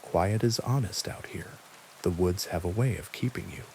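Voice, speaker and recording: A man voicing a friendly but sinister stranger in the woods, mild and smiling, with quiet menace in a spooky story. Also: sits low, moderate pace, gravelly, a little hiss or hum, low-quality recording. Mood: ominous.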